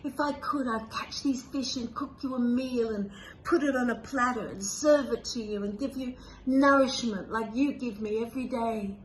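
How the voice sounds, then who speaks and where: A man's voice: very high voice, moderate pace, slight background noise, low-quality recording. A woman voicing a humble, grateful shepherd. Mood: earnest. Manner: earnest, tender, childlike. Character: humble grateful male shepherd, simple and devout.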